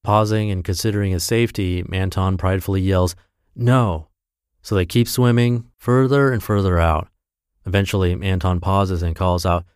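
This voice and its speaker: A man's voice: low-pitched, fairly even intonation, moderate pace, a little mellow, clear, resonant tone, no echo, clean studio sound. A man narrating a self-help blog post for his podcast in an upbeat, emphatic reading voice.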